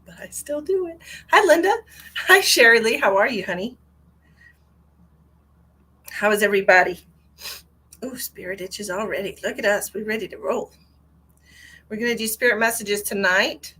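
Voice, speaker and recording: A woman hosting a live stream as a psychic medium, chatting casually and greeting viewers by name with endearments, swinging between bright exclamations and low asides. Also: animated, moderate pace, pauses often, slightly rough.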